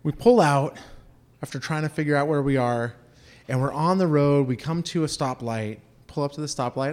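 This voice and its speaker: A man from Southern California tells a personal story in an animated way, acting out the voices of the people in it. His voice is fairly high-pitched and moves at a moderate pace.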